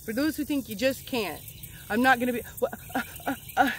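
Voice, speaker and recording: A woman's voice: on the high side, brisk, slight background noise. A middle-aged woman, a well-being coach, talking casually and emphatically in a motivational vlog outdoors. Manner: earnest, affirming, emphatic. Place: outdoors in nature with birds.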